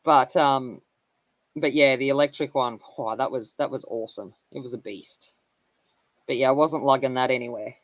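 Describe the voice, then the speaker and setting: A woman's voice: very deep voice, moderate pace, no echo, low-quality recording. Chatty woman with a dry sound. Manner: rambling, candid storyteller who laughs often. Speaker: colouring livestream host. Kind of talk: casual chat.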